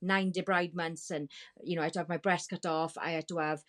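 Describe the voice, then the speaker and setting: A woman's voice: on the low side, steady tone, quick pace. A woman, a podcast guest telling her story candidly, emotional and rambling, swearing freely.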